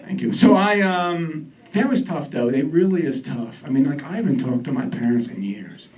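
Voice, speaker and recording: A man's voice: a little high, moderate pace, a little mellow, slight background noise. A man performing a stand-up set in a comedy club, sardonic and self-deprecating, who gets worked up as he rants. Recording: distant mic with a laughing crowd.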